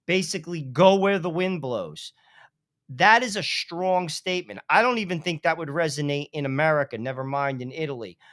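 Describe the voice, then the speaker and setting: Male co-host, measured and hedging, somewhat high voice, dry close sound. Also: fairly bright tone, no room sound. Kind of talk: political talk show discussion.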